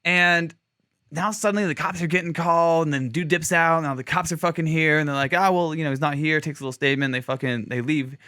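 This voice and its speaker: A man's voice: fairly high pitch, brisk, clean tone, dry recording, studio quality. A man on a podcast telling a story in a casual, profane way, acting out the people in it. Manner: animated, profane, acts out other people's voices. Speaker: podcast co-host.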